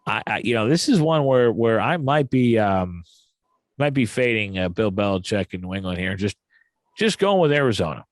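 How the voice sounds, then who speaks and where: A man's voice: fairly low pitch, sing-song, moderate pace, no echo. A man hosting a casual sports betting chat, who stops, restarts and repeats words while he steers the talk. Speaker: podcast host.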